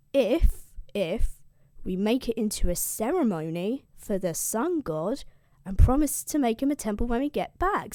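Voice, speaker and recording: A woman's voice: a little high, warm tone, dry recording, clean studio sound. A British woman voicing a scheming male sailor who talks his crew round in casual slang.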